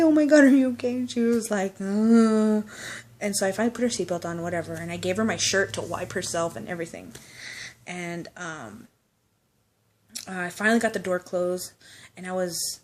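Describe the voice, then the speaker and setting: A woman casually telling a personal anecdote, chatty and loose, with swearing and laughing asides. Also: lowish voice. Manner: chatty storytelling, swears, laughs, acts out quotes.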